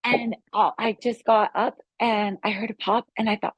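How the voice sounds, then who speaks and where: Excited woman telling her story. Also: on the high side, moderate pace, breathy edge, no room sound. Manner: excited, rambling storytelling with restarts. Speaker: guest sharing a healing testimony; yoga instructor. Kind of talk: casual spoken testimony.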